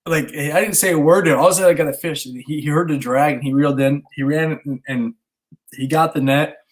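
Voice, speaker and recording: Brief: man in his thirties, animated storyteller, casual swearing, acts out the dialogue. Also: a little high, fast. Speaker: podcast co-host, stay-at-home dad.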